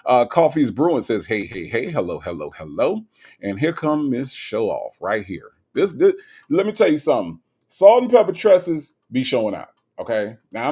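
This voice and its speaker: A man's voice: medium pitch, a little mellow. A man hosting a casual livestream, reading chat comments aloud in a playful, sassy, teasing way.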